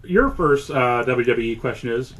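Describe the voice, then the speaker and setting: A man hosting a podcast trivia game, reading multiple-choice questions and answers deliberately. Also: mid-range voice, a bit bright, low-quality recording. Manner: reads answer options deliberately, with chuckles. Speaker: quiz host.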